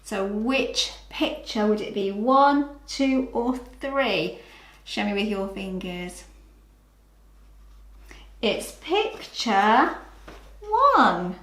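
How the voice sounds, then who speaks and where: In a roomy recording, a British-accented woman sounds out letters one by one for young children, drawing out her words and leaving long pauses. She is patient and encouraging, with a medium-pitched, slightly bright voice, and the lesson is slow and clear.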